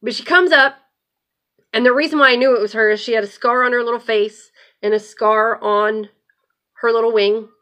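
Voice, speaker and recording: Bright-voiced woman telling a story. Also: fairly high pitch, a little fast. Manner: animated, blunt, swears freely. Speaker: host. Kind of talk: casual storytelling.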